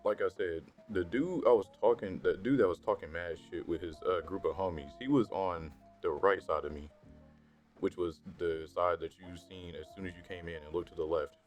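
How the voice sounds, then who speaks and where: A young man telling a story from his school days in a casual, slangy and profane way that turns animated when he gets worked up. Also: low-pitched, moderate pace. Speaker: storytime vlogger. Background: faint background music.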